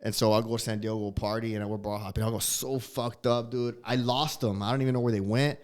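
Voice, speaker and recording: A man's voice: medium pitch, level tone, fast. A man chatting as a comedian guest on a podcast, telling stories in a profane, slangy way with frequent laughter. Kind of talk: casual storytelling chat.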